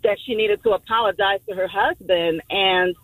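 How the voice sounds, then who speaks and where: Female radio caller, husky, dry sound, chatty and self-amused. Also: medium pitch, moderate pace, a bit bright, dry recording, rough recording. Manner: chatty, laughs at herself. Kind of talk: telling a personal story on air.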